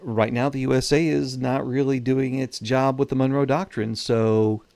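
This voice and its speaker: A man talking through a strategy game as he plays it, chatty and a little wry. His voice sits at an ordinary middle pitch. The sound is dry and close, with no room echo. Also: fairly even intonation, moderate pace, gravelly, few pauses, a little mellow. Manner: chatty, wry, thinks aloud. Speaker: gaming channel host. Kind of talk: casual gameplay commentary.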